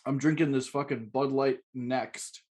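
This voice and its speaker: A man's voice: medium pitch, level tone, measured pace, darkish tone, slight background noise. A man co-hosting a podcast, reading stage directions from a script and chatting in a crude, joking way, often laughing. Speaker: podcast co-host. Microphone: podcast mic.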